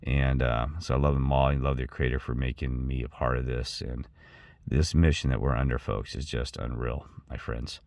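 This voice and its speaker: A man's voice: very deep voice, steady tone, normal speed, creaky, darkish tone, no echo. A middle-aged man talking in a rambling personal monologue, repeating himself and restarting often. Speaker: channel host.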